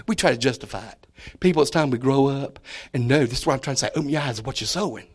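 A man preaching a sermon in a folksy way, repeating key words and moving between loud and soft. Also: mid-range voice, lively intonation, quick pace.

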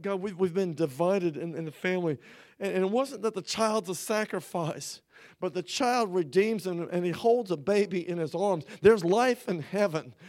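A man preaching an emotional personal testimony, halting and repeating words as he speaks, growing earnest and intense. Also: high-pitched, a little mellow.

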